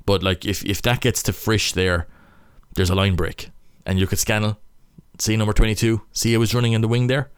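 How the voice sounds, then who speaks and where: A man's voice: lowish voice, flat delivery, brisk, clear, resonant tone, no room sound, clean studio sound. A young Irish man, a rugby player, casually breaking down match footage, thinking aloud in stop-start phrases.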